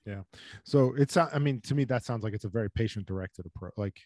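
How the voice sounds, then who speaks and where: A man hosting a podcast, a physical therapist who talks in an animated, chatty way with rising emphasis. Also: fairly low pitch, brisk, no room sound, clean studio sound. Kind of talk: casual podcast interview.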